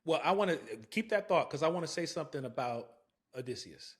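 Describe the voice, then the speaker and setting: A man's voice: fairly high pitch, animated, brisk. A man hosting a casual movie review chat, talking reflectively and building to emphatic bursts. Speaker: podcast host.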